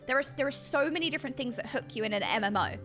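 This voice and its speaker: A British woman streaming and chatting casually with her viewers, bubbly and excitable, with a slightly dry throat, talking into a desk mic. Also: sits high, racing, faint music behind. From Britain. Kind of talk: casual chat with live stream chat.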